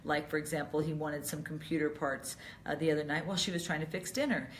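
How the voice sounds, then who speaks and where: A middle-aged woman hosting a live video chat, calmly answering viewer questions about caregiving. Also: low-pitched, fast talker, a little hiss or hum. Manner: calm, advisory, acts out short example lines. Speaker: radio host and dementia caregiving advisor.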